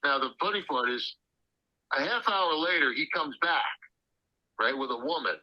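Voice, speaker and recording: A man's voice: a little high, lively intonation, moderate pace, highs cut off. A man telling anecdotes as an interview guest, acting out the quotes with animation. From Illinois. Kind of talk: storytelling interview.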